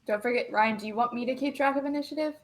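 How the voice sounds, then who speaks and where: A woman chatting casually as a player in a tabletop game, quick to banter. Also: a little high.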